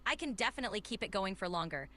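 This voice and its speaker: A synthetic woman's voice acting as an AI voice assistant, polite, upbeat and accommodating, answering requests with cheerful replies and stretched shouted vowels. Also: medium pitch, animated, racing.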